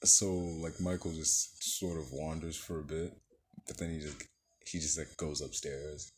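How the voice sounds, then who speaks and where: A man's voice: very deep voice, flat delivery, a little slow, husky. A man giving a casual, rambling film review, swearing freely and filling his sentences with "like" and "you know.". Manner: rambling, profane, heavy use of filler words. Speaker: movie reviewer.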